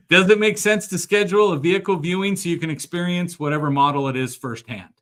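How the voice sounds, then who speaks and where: A man hosts a live sales-training show, and his voice sits a little high for a man. He talks with energy and acts out the dialogue he quotes. He laughs often between points. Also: fairly quick.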